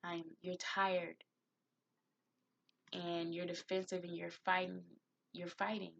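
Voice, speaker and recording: A woman's voice: on the low side, level tone, slow, gravelly, highs cut off. A woman giving a spiritual tarot reading, heartfelt and encouraging, who admits to getting emotional. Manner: gets emotional. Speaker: tarot reader.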